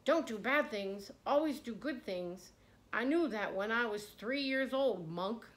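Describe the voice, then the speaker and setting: A woman voicing an impatient male provincial governor in a storybook reading, speaking loudly and demandingly. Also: medium pitch, normal speed, close to an everyday voice. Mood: indignant. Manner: loud, demanding, indignant.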